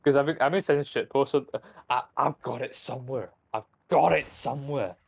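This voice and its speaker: A man's voice: mid-range voice, brisk, creaky, breathy edge, no echo. Profane rambling streamer man. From Britain. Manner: rambling, profane, laughing at his own jokes. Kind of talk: casual gaming stream chat.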